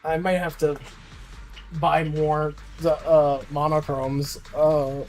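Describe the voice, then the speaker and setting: A man streaming a game live, chatting casually, grumbling and swearing, then cheering loudly at wins. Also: fairly high pitch, takes it slowly, soft background music. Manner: swings between grumbling and excited cheering, swears often. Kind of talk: live-streamed gaming chat.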